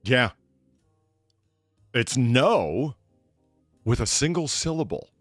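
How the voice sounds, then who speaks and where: A man hosting a casual podcast, chatty and profane, with excitable bursts. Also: medium pitch, takes it slowly, no echo, studio quality, soft background music. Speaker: podcast host.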